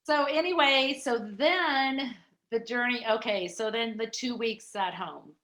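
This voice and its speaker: Bright-voiced middle-aged woman telling her story. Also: fairly high pitch, unhurried. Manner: chatty, animated, with many fillers. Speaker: guest. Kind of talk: candid personal storytelling. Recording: echoey room.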